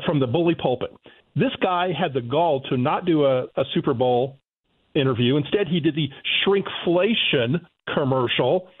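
A man's voice: fairly high pitch, husky. A male economist calling in to a radio show, lecturing emphatically and indignantly. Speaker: economist guest. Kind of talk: talk radio phone interview. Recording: tinny phone line.

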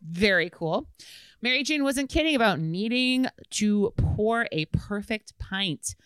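A woman's voice: mid-range voice, animated, slow pace, fairly bright tone, clear, resonant tone, no echo. A woman co-hosting a podcast, reading a listener's letter aloud in casual chat, laughing often and swearing freely. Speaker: podcast co-host.

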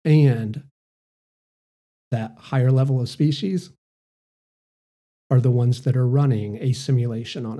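A man's voice: mid-range voice, dark tone. A man hosting a solo podcast, talking in a casual, rambling way with many fillers. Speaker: podcast host.

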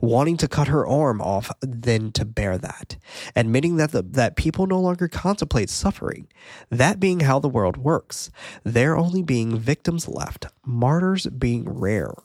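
A man chatting on a podcast in a relaxed, loose way, walking through a film's plot with frequent laughs and the odd curse. His voice sits at an everyday middle pitch. The sound is close and dry. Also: unhurried, dry recording. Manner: recaps plot loosely, swears, laughs often. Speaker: podcast co-host. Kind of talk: casual film recap chat.

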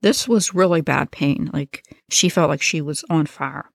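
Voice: medium pitch, unhurried, vocal fry, no echo, studio quality. A narrator retelling a crime case in a casual, conversational way with slangy asides.

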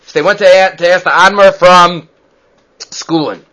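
Rabbi giving a Torah class, an animated storyteller with a high, bright voice. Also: male voice, moderate pace, poor audio. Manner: animated storyteller, acts out voices, mixes in Hebrew terms. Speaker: rabbi teaching the weekly Torah portion.

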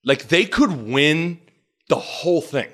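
A man hosting a sports podcast, talking in an animated, rambling way and often cutting himself off. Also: fairly high pitch, slow. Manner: animated, rambling, self-interrupting. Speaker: podcast host. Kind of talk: casual sports talk.

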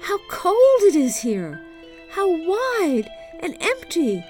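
A woman reading aloud plays a small boy in a storybook, his voice pushed up very high and loud as he cries out. The reading moves slowly, with faint music underneath. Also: huge pitch swings, exaggerated voice. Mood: anguished joy. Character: little boy just freed from ice.

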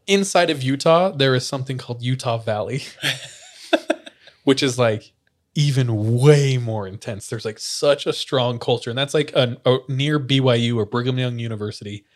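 A man's voice: mid-range voice, normal speed. A young man hosting a podcast, telling a story casually, full of "like" fillers and frequent laughs. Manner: laughs often, many "like" fillers. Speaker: podcast host.

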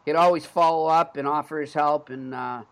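A man's voice: fairly high pitch, fairly even intonation, a little fast, creaky, clean tone. A man in his thirties with a Boston accent, hosting a sports podcast in casual chat and rambling with frequent restarts. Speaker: podcast host.

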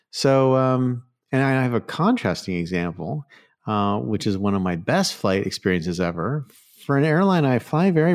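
Rambling man with a lowish voice. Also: a little mellow, no room sound, studio quality. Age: 40s. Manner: rambling, many restarts and fillers, laughs as he tells it. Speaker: podcast host. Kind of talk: casual storytelling monologue.

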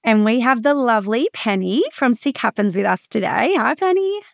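Chatty woman co-host with a gravelly edge. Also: on the high side, animated, moderate pace, dry recording, studio quality. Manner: chatty, many fillers. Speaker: podcast co-host; mother of school-age kids. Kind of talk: casual chat.

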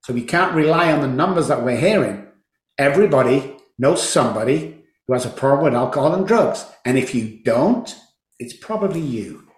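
A man in his fifties speaks as an interview guest, fervent and emphatic, often repeating phrases to drive his point home. His mid-pitched voice carries a roomy echo from the space around him. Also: lively intonation, moderate pace. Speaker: podcast guest, addiction recovery program founder. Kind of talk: emotional storytelling interview.

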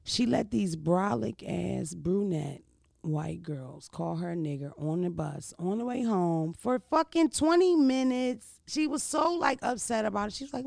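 A woman's voice: mid-range voice, lively intonation, measured pace, gravelly, a little mellow, no echo, clean studio sound. A woman in her thirties, a vlogger, telling stories in a blunt, profane, casual way and often checking in with the listener. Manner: blunt, profane, keeps asking "you know what I mean". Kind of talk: casual storytelling chat.

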